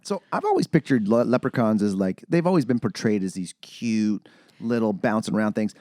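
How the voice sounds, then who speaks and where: Lively, profane male podcast host. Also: on the low side, brisk, no echo, clean studio sound. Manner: profane, rambling, acts out quotes in silly voices. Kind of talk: casual chat, movie review.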